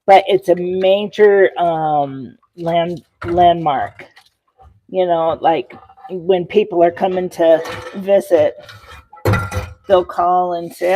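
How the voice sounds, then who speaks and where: A woman's voice: lowish voice, steady tone, takes it slowly, noisy background. A woman hosting a casual cooking livestream from her home kitchen, chatty and rambling, full of fillers and talking to her chat. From Rocky Mountains, USA. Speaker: livestream host.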